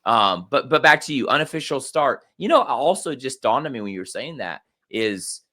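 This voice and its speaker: A middle-aged man co-hosting a podcast, telling stories in a rambling, animated way with many restarts. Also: mid-range voice, normal speed. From Germany. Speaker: podcast co-host. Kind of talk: casual conversational podcast.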